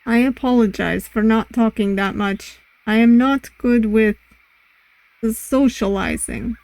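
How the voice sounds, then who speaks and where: A woman voicing a shy, reserved masked ship's doctor in an amateur Russian accent, speaking formally and haltingly. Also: a little high, vocal fry, darkish tone, dry recording, poor audio.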